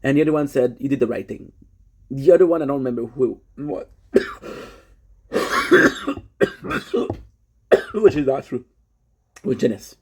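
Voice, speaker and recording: A young man talks to his live-stream viewers in a gravelly, husky voice. He rambles through a personal story, breaks off mid-sentence and keeps correcting himself. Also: medium pitch, sing-song, slow, pauses often. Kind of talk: confessional live-stream monologue.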